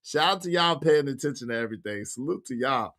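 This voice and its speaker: A man's voice: medium pitch, expressive, fast, fairly bright tone. A man hosting a casual livestream, reading viewer comments aloud in a slangy, emphatic way with speech and frequent laughter. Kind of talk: casual chat.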